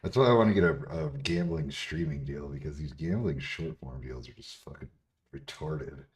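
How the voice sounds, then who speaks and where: A man's voice: rumbling low, normal speed. A young man chatting casually on a livestream, blunt and full of profanity as he answers questions from chat. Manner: profane, blunt, laughs often.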